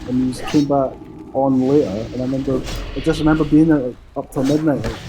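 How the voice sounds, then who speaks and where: A man's voice: medium pitch, steady tone, fast talker, noisy background. A man, rambling through a story and swearing freely while chatting with friends during an online game. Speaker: gamer chatting on voice call. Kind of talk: casual chat.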